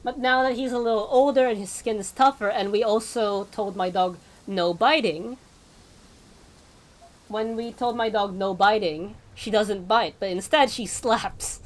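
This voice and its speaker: Streamer, female, mid-pitched voice, casual rambling chat to viewers during a game stream. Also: steady tone, measured pace. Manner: rambling, tangent-prone, frequent laughs. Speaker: VTuber streamer.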